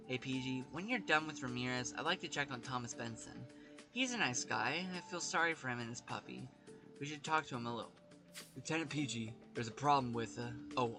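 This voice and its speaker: A man casually reading game dialogue aloud while playing, stumbling now and then. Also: medium pitch. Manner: offhand, reads dialogue with stumbles. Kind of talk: casual gameplay commentary and reading.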